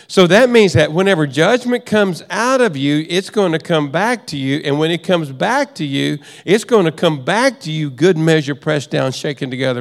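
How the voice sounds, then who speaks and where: A middle-aged male preacher teaching in a relaxed, conversational way, looping back over his own phrases. His voice sits fairly high for a man. A long reverb trails behind him in a big church hall. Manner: conversational, with repetitions and restarts. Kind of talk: sermon teaching.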